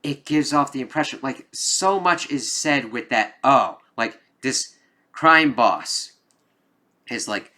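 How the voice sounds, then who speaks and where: A man's voice: mid-range voice, animated, slow, bright, forceful tone. A man giving a casual spoken film review, rambling with lots of "like"s and frequent swearing.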